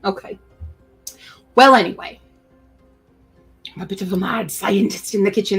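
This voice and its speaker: A woman's voice: medium pitch, normal speed, long pauses, a bit bright, husky, soft background music. A woman hosting a casual writing-sprint livestream from home, chatting playfully and talking to her pet bird. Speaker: writing sprint stream host.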